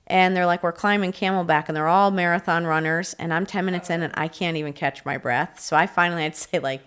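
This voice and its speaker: This middle-aged woman, a leadership coach, speaks low, fast, and smooth. Interviewed on a podcast, she's an energetic, animated storyteller who performs the quotes she recounts.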